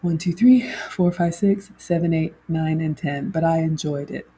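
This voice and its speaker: A woman's voice: low voice, moderate pace, warm tone, slightly rough. A middle-aged woman hosts a chatty livestream and reads viewer comments aloud. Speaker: host. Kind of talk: casual livestream chat.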